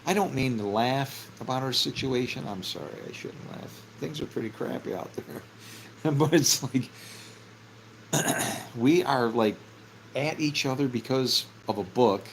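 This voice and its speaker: A middle-aged man with a gravelly, creaky voice talks slowly and loosely about faith, drifting between thoughts. He chuckles often and drops casual curses. A faint hum of ambience sits behind him. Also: medium pitch, low-quality recording. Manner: rambling, laughs often, casual swearing. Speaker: vlogger. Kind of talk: casual spiritual musing.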